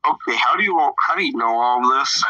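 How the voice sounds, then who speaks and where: A man playing a teacher in a loose role-play session, crude and joking, with plenty of laughter. His voice is very bright and cutting. He sits a little away from the mic in a dry, dead room. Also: mid-range voice, expressive, a little fast, no room sound, distant mic, highs cut off. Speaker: player acting as teacher. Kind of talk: casual role-play banter.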